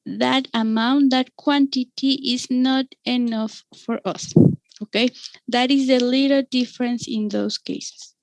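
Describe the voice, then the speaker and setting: Woman, Mexican-accented English teacher, high voice, slow and patient, dry close sound. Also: steady tone, vocal fry, dry recording, poor audio. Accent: Mexican Spanish. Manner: patient, repeats "okay?" to check understanding. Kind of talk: online class teaching.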